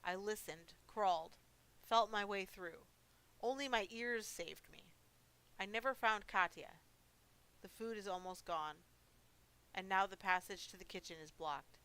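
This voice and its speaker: A woman's voice: mid-range voice, measured pace, long pauses, fairly bright tone, clear, resonant tone. A woman streaming a horror game, reading its story dramatically and breaking off for cheeky, giggly commentary. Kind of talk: reading game story aloud with playful asides.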